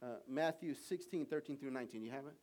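A man preaching a sermon in a church, animated, asking the congregation for call and response. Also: mid-range voice, quick pace.

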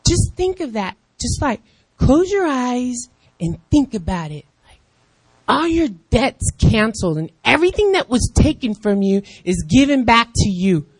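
A woman in her fifties preaching with a lively, swooping voice that rides fairly high. She acts out other people's voices and calls out in excitement. The sound is close and dry. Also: measured pace, slightly rough, no echo. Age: 50s. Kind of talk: lively sermon.

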